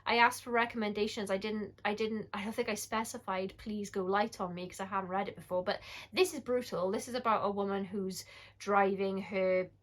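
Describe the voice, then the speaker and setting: A British woman in her forties talks through horror book picks in a chatty, candid way. Her voice sits at an ordinary middle pitch, and she wanders into asides and corrects herself as she goes. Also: fairly even intonation, moderate pace. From United Kingdom. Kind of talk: casual book-review vlog.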